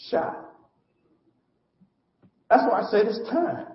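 A man's voice: sits high, big pitch swings, unhurried, pauses often. A man preaching a sermon and closing prayer in church, with emphatic call-and-response and repeated phrases. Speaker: guest preacher. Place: church sanctuary. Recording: echoey church, muffled sound.

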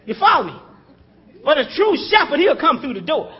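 A man's voice: very high-pitched, very animated, fairly quick, dull audio, a faint crowd. A man preaching a sermon in a conversational style, calling out to the congregation and chuckling as he talks.

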